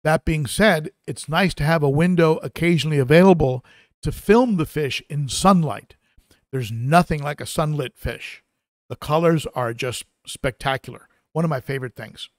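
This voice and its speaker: A man who hosts an aquarium channel chats casually on a live stream, reading out viewer comments with plenty of fillers and restarts. His voice is a little high and his speed normal, captured in a dry, studio-quality recording.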